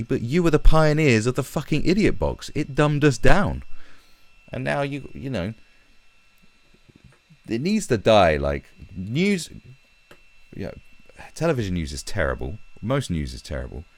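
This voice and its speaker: A man's voice: medium pitch, normal speed, pauses often, dry recording. A young British man on a live stream, ranting heatedly and swearing as he talks from his own room. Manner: profane, animated, heated.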